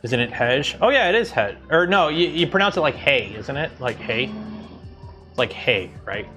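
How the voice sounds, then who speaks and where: A man's voice: mid-range voice, big pitch swings, moderate pace, sharp tone, faint music behind. A man hosting a livestream, chatting casually with viewers and rambling with many ums and self-corrections. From Canada. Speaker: livestream host.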